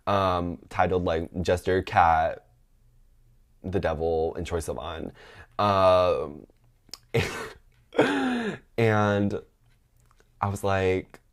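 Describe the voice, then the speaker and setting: A man in his twenties telling a long, gossipy personal story on a podcast, chatty and full of fillers and asides. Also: low-pitched. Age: 20s. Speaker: podcast host. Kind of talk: casual storytelling.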